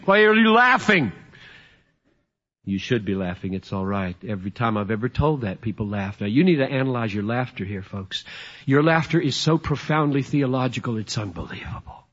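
A middle-aged man preaching a sermon in an emphatic storytelling way, swinging from loud to hushed. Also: medium pitch, breathy edge. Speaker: pastor. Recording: dull lo-fi sermon recording.

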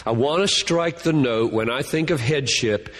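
A man's voice: mid-range voice, moderate pace, a bit bright, big-room sound. A man giving a Bible lecture to a class, thinking aloud and earnestly repeating key words. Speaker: Bible teacher.

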